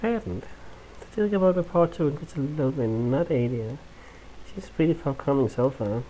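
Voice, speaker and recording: A woman's voice: very deep voice, expressive, a little fast, dark tone, a little hiss or hum. A woman, sick and congested, casually playing a video game and reading her dialogue choices aloud. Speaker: gaming video host. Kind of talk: casual let's-play commentary.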